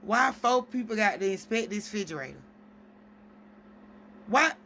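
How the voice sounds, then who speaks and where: A woman's voice: medium pitch, lively intonation, moderate pace, sharp tone, a little hiss or hum. Exasperated woman venting in a vlog. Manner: exasperated, rambling, storytelling with quoted exchanges. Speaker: single mom vlogger.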